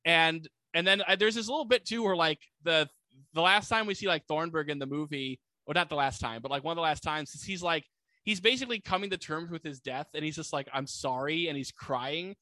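A man's voice: on the high side, a little fast, pushed and bright, no echo. A man co-hosting a casual podcast, animatedly retelling a movie plot and acting out quoted lines. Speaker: podcast co-host. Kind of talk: casual movie recap chat.

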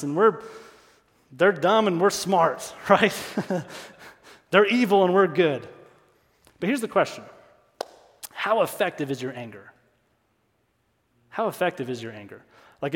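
Emphatic preacher, man, hall reverb. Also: on the high side. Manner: emphatic, repeats key lines, rhetorical questions. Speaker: pastor. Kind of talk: sermon.

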